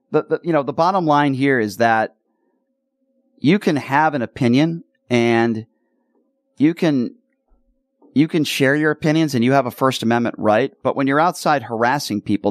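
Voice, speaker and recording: A man's voice: mid-range voice, no room sound, clean studio sound. A man hosting a talk radio show who delivers an opinionated, indignant commentary and stumbles over repeated words as he gets worked up.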